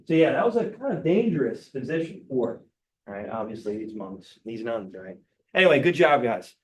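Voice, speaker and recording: A man's voice: mid-range voice, lively intonation, brisk, a little hiss or hum. A male teacher giving a casual classroom lecture, often checking in with "right?". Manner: casual, keeps asking "right?". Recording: roomy classroom, mic far off.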